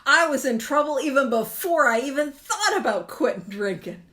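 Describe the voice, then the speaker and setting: Chatty woman with a high voice. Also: lively intonation, normal speed, sharp tone. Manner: chatty, self-mocking, laughs often. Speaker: host of a recovery book study. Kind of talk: casual teaching talk.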